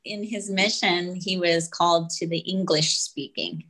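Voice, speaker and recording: A woman being interviewed on a podcast, speaking hesitantly with many ums and soft laughs. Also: fairly low pitch, steady tone, measured pace, poor audio. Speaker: podcast guest. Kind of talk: casual interview chat.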